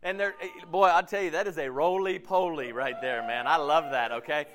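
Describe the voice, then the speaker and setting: A man, a pastor, giving a conversational sermon, casual and animated, often acting out quotes in his talk. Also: on the high side, moderate pace.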